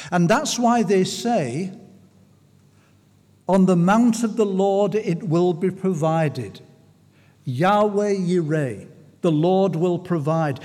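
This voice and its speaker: High-voiced male preacher in a reverberant hall. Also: a little mellow. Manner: restarts and stumbles, slows for emphasis. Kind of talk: sermon.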